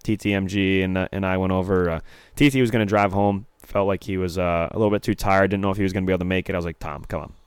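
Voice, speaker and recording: A man's voice: sits low, fairly even intonation, rapid-fire, clear, resonant tone, no echo. A young man co-hosting a podcast in casual chat, rambling with lots of filler words. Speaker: podcast co-host.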